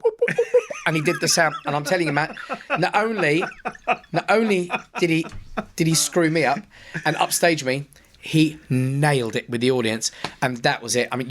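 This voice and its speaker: A man, a pantomime performer and podcast guest, telling stage anecdotes in a lively way, acting out the dialogue and laughing as he goes. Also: mid-range voice, slight background noise. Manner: animated, acts out dialogue, laughs often. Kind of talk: anecdotal storytelling.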